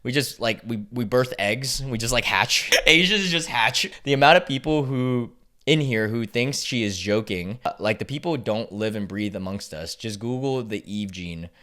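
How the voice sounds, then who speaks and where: A man's voice: lowish voice, moderate pace, fairly bright tone. A man from the United States hosting a reaction video, reading online posts aloud and mocking them in a sarcastic, casual way, laughing often and swearing freely.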